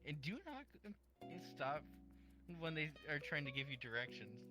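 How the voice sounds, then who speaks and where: A man's voice: a little high, lively intonation, normal speed, over music. A man telling jokey, rambling stories in casual podcast chat. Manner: storytelling, joking, rambling.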